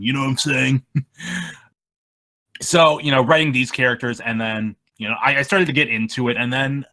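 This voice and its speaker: A man being interviewed about his machinima videos, talking in a rambling, halting way that trails off mid-sentence. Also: medium pitch, fairly even intonation, pushed and bright. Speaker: machinima creator, interview guest. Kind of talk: casual interview chat.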